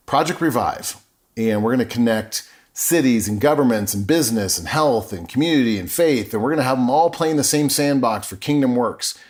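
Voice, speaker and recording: Middle-aged man, podcast guest, earnest, emotional, mid-pitched voice. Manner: earnest and openly emotional, with frequent restarts. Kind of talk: conversational personal storytelling.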